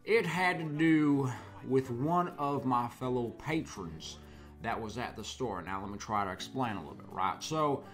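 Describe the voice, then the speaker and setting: A man telling a comic story in a deadpan, mock-folksy way, rambling and restarting often. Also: mid-range voice, unhurried, soft background music. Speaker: comedic storyteller.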